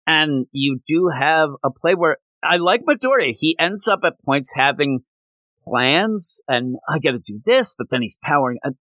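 A man co-hosting a casual podcast, recapping a manga chapter in an animated way and jumping up in pitch when he quotes characters. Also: moderate pace, dry recording, low-quality recording. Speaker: podcast co-host.

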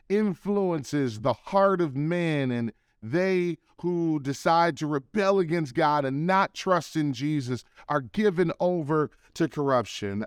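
A middle-aged pastor preaching a sermon, building emphasis and slowing to drawn-out calls to worship. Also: male voice, fairly high pitch, smooth, no echo, studio quality.

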